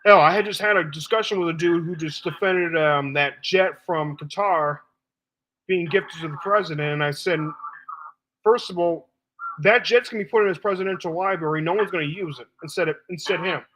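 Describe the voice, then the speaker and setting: A man's voice: fairly high pitch, a little fast, sharp tone, rough recording. A man hosting a live stream debate, talking bluntly and assertively to callers, casually calling them baby.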